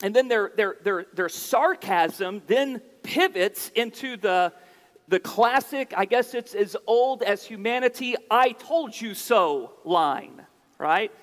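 Male preacher, very high voice, unhurried sermon delivery, long hall reverb. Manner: deliberate, expository, restarts phrases when emphasizing.

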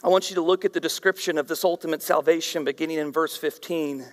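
A man preaching a sermon as a pastor, swinging from shouted emphasis down to hushed whispers. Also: a little high, fairly even intonation, fast. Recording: reverberant hall, voice at times far from mic.

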